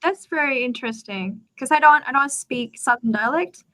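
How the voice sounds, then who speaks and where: A woman whose first language is Thai, teaching tones to a student over a video call, patient and coaching, with sudden high jumps in her demonstrations. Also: moderate pace, bright, forceful tone. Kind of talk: live online lesson.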